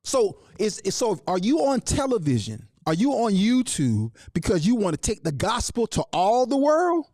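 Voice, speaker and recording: A man's voice: high voice, huge pitch swings, normal speed, hardly any pauses, a little mellow, no room sound, studio quality. A man hosting a live online show, talking to viewers and greeting them by name in a sing-song way. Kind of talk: live-stream talk with viewer shout-outs.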